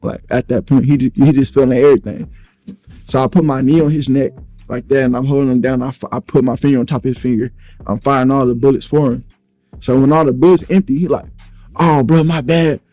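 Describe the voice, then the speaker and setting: A man's voice: medium pitch, steady tone, fast, warm tone. A man bluntly recounting events in a casual, profane storytelling manner. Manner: blunt, profane, acts out quotes. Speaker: interview guest recounting events.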